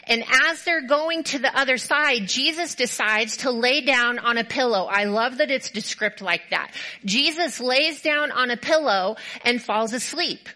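Woman preacher, high pitch, bright and forceful tone, animated sermon storytelling. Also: measured pace, rough recording. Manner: animated storytelling, acts out quoted voices; repetitive emphatic build-ups. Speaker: pastor.

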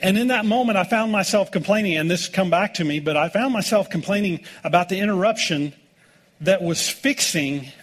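A middle-aged American man preaching a sermon as pastor, telling folksy stories with jokes. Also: high-pitched. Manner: folksy, joking storytelling with laughs.

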